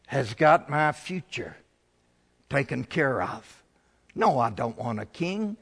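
A man's voice: medium pitch, vocal fry, in a large hall. A male pastor preaching a sermon, building to emphatic, rising swells.

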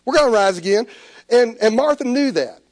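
A man preaching a sermon, animated, with stammered restarts. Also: very high voice, brisk, no room sound, studio quality. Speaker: pastor.

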